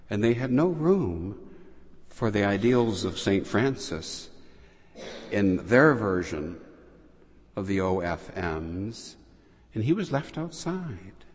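A man preaching a sermon, telling the story slowly and deliberately with long pauses. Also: mid-range voice, a little mellow. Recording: long hall reverb.

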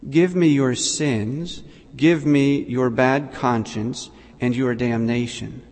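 A holy infant answers gently and calmly, voiced by a man reading a story. The voice stays plain and mid-pitched, not made childlike. Long hall reverb hangs after each phrase. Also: takes it slowly. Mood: gentle.

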